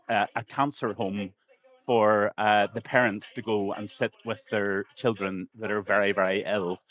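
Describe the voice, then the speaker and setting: Earnest man, slightly low voice. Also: fairly bright tone. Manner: earnest, repeats words for emphasis. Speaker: racing league commentator and streamer. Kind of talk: live stream chat.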